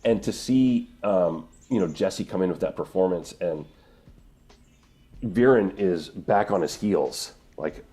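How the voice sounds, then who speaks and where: A middle-aged man, a voice actor, answering interview questions in an earnest, emotional way, often pausing and restarting. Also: low-pitched, lively intonation, warm tone, faint music behind. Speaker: voice actor guest.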